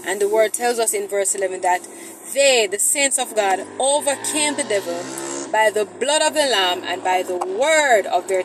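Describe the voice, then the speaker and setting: A woman hosting a Christian vlog, talking chattily to viewers from her car in traffic. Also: mid-range voice. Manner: chatty, preachy, addresses viewers as guys. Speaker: vlog host. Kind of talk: casual Christian vlog talk.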